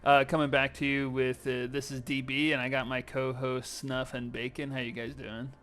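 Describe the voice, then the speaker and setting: A man hosting a casual gaming podcast, relaxed and quick to laugh. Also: medium pitch. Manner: relaxed, laughs often, restarts sentences. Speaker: podcast host.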